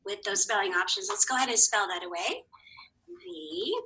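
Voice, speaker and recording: A woman teacher giving a recorded phonics lesson for children, encouraging and spelling words slowly letter by letter. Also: mid-range voice, big pitch swings, vocal fry, bright, forceful tone, poor audio.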